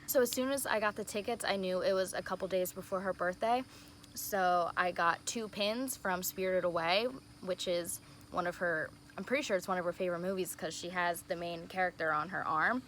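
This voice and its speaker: A young woman telling a story in a casual vlog, excited and gushing, saying "like" again and again. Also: on the low side, brisk, slight background noise. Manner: excited and gushing, heavy use of "like". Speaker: vlogger.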